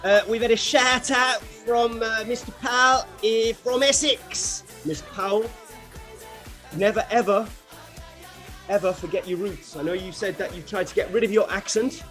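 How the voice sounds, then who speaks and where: A co-host runs a school radio show, reading facts and joking with the other host. The voice sits at a middle pitch. A faint music bed plays behind it. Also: moderate pace, a bit bright. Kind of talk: casual radio chat.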